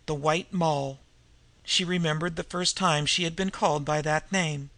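A man reading a novel aloud in measured, even storytelling narration. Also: fairly high pitch, no room sound. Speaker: audiobook reader. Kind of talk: scripted narration.

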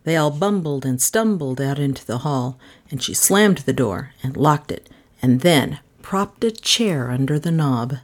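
A woman narrating a novel in an expressive, animated storybook reading. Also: low voice, unhurried. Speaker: audiobook narrator.

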